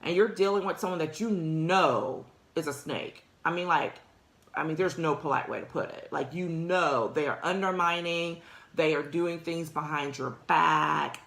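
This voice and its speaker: A woman's voice: low-pitched, normal speed, gravelly, a bit bright, reverberant. A woman hosting a career talk show, talking casually and directly to her listeners, with frequent laughs. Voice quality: conversational, addresses listeners directly, laughs often. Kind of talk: casual motivational talk to an audience.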